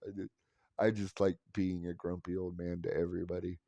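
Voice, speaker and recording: A man in his forties rambles through casual stories, swearing freely and mocking himself wryly. His voice sits fairly low, and the recording is close and dry. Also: level tone, fairly quick, gravelly, dark tone, no echo. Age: 40s. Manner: rambling, profane, wry self-mocking. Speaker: vlogger. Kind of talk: casual storytelling monologue.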